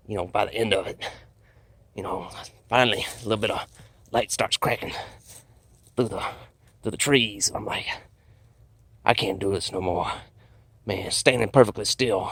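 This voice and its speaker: Gravelly, bright-toned man telling a rambling tale. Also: on the low side, no room sound. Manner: rambling, folksy, drawling storytelling. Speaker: comedic bushman storyteller. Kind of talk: deadpan comedic monologue.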